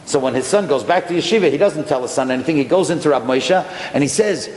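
Animated man telling a story in a hall. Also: on the high side, fast, few pauses. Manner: animated, acts out dialogue. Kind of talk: storytelling talk. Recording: echoey hall with faint noise.

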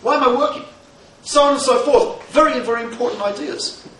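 High-voiced man lecturing in a roomy hall. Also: fairly quick, a bit bright. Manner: humorous, conversational, asks the audience questions. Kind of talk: lecture with storytelling. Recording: roomy hall from a distance, faint noise.

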